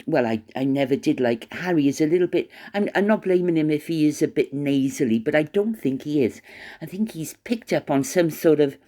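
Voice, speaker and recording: Scornful woman, low voice. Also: dark tone. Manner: scornful, stammering restarts. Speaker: commentary vlogger. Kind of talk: opinionated monologue.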